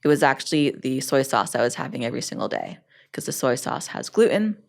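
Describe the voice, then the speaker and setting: A woman hosting her own show, telling a personal story in a lively way with laughs and quoted dialogue. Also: rumbling low, brisk, gravelly. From Egyptian family background. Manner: lively, animated retelling with laughs and acted-out quotes.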